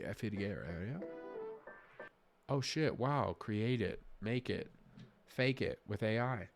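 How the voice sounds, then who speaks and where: A man talks his way through a puzzle game in unhurried, casual commentary, his pitch swinging widely from low mutters up to excited exclamations. He thinks aloud, trails off mid-sentence and breaks into sudden gasps. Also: gravelly. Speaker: streamer.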